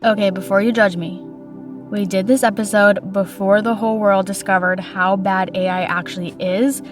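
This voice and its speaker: A woman's voice: medium pitch, fairly even intonation, moderate pace, over music. A young woman hosting a casual podcast, chatty and opinionated, delivering playful hot takes. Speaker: podcast host.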